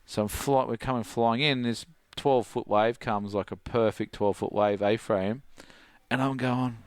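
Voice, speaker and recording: A man's voice: medium pitch, normal speed, smooth, no echo. A middle-aged Australian man, a surf coach, animatedly telling stories as a podcast guest and acting out his friends' voices. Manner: animated, acts out friends' voices, laughs often. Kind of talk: casual storytelling.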